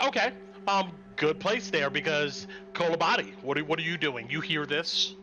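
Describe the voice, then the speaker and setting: A man narrating a tabletop game as game master, describing scenes in a measured way with frequent fillers. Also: on the high side, animated, over music.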